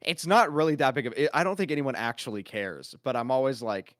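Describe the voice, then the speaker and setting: A man's voice: medium pitch, big pitch swings, brisk, no room sound, clean studio sound. A man hosting a casual podcast chat, rambling and laughing often.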